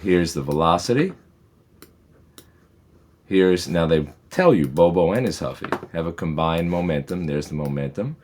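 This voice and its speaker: A man with an extremely deep voice teaches physics in a recorded lesson. He works through each problem slowly and methodically, adding patient, reassuring asides. A faint background hiss and occasional clicks sit under the recording. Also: animated, a little mellow.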